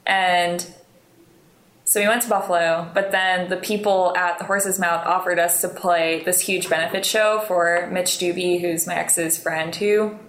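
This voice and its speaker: Young woman, interview guest, rambling storyteller, frequent laughter, lowish voice, echoey room. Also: steady tone, unhurried, fairly bright tone. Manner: rambling, laughs often, self-deprecating.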